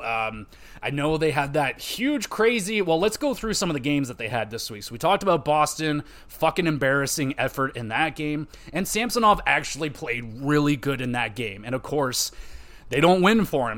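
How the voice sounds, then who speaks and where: A man's voice: on the high side, animated, normal speed, fairly bright tone. A man hosting a hockey podcast, ranting casually with frequent swearing, fillers and restarts. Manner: frustrated, profane, rambling with fillers. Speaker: podcast host.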